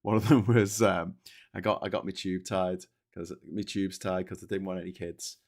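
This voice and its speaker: A man with a somewhat low voice hosts a loose, conversational news commentary. He rambles, corrects himself mid-sentence and swears freely. He often chuckles at his own jokes. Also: level tone, moderate pace, creaky. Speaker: host of a news commentary show. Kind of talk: casual spoken news commentary.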